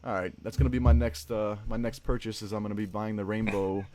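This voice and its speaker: A male host talks his way through a casual livestream with rambling, jokey banter. His voice sits a little low, and he keeps tacking "man" onto his lines and breaking into laughter. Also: fairly even intonation, fast talker, dark tone.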